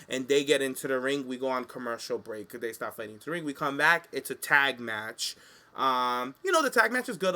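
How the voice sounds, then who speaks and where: Casting note: male co-host, bright and forceful tone, sassy and animated storytelling. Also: medium pitch. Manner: animated, sassy, acts out quotes. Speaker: podcast co-host. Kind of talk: casual chat recapping wrestling.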